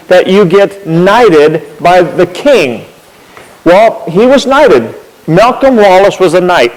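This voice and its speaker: A man's voice: a little high, a little mellow, long reverb tail, rough recording. A man telling a history story in a chatty, anecdotal way. He repeats words as he gathers his thoughts and shows things with props. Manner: demonstrates with props as he talks.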